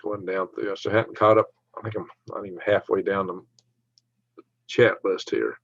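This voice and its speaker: A low-voiced man with a Southern twang, chatting fast and jokey on a livestream and breaking into laughter often. The sound is dry and close, with a dull, lo-fi quality. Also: little pitch movement, a bit bright, dry recording. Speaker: livestream host. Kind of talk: casual livestream chat reading viewer comments. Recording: dry, dull lo-fi stream audio.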